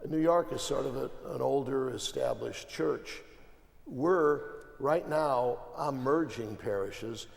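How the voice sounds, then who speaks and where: Gravelly-voiced archbishop in an echoing hall. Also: male voice, medium pitch. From American Midwest. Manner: emphatic, piles up repeated phrases, restarts often. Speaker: archbishop, interview guest. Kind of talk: conversational panel talk. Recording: long hall reverb.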